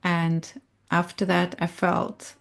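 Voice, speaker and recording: A woman on a video-call panel, gentle and hesitant, laughing softly as she speaks. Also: on the low side, monotone, slow, vocal fry. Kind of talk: reflective panel talk.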